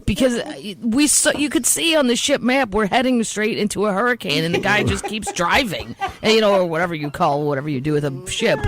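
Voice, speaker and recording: A woman's voice: medium pitch, animated, crowd noise. A woman comedian from the Midwest telling wry, sardonic stories in a stand-up set and a chat. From Missouri, US Midwest. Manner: sardonic, wry, quick storytelling with put-on accents. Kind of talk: stand-up routine and casual interview chat.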